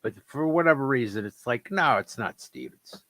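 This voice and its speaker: A man's voice: mid-range voice, expressive, normal speed, a bit bright, no echo. A man in his fifties hosting a casual birthday livestream, easygoing, reading out chat and swearing when flustered. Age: 50s. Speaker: livestream host.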